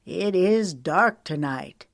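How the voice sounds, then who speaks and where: Gentle earnest young farmer, read by a woman, slow delivery, dry close sound. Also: fairly low pitch, expressive, no room sound.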